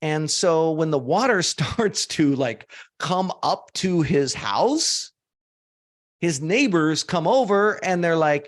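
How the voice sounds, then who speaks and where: A man leads a live motivational seminar in an animated, informal way, peppering his points with swearing. His voice sits a bit high and moves widely in pitch. He addresses the audience directly and gets them to join in. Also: slow pace. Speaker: motivational speaker.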